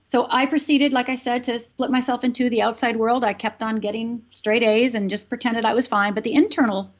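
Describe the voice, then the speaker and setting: A woman's voice: fairly high pitch, fairly even intonation, brisk. Earnest woman life coach, dull lo-fi sound. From Upper Michigan, USA. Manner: earnest, emphatic, repeats phrases for weight. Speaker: life coach, show guest. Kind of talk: personal storytelling in an interview.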